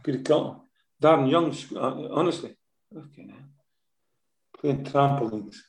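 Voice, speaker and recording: A Scottish man, a former football manager, telling anecdotes in an interview, lively and often tagging his sentences with "eh?". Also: mid-range voice, moderate pace, roomy sound. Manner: lively storyteller, tags sentences with "eh?".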